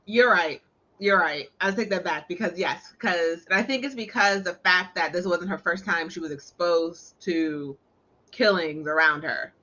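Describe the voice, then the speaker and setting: A woman co-hosting a casual movie discussion, thoughtful and quick to concede a point. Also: fairly low pitch, sharp tone, muffled recording.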